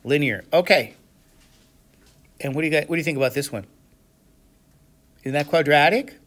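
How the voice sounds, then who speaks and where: A man teaching a classroom lecture who keeps asking the class questions to check they follow, with sudden animated exclamations. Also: fairly high pitch, moderate pace. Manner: asks the class frequent questions, checking understanding. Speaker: math instructor.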